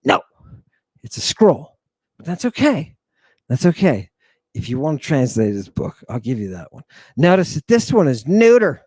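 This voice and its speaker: A man's voice: on the high side, no echo. A man teaching an Ancient Greek lesson in a theatrical, teasing drill-sergeant manner. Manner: animated, teasing.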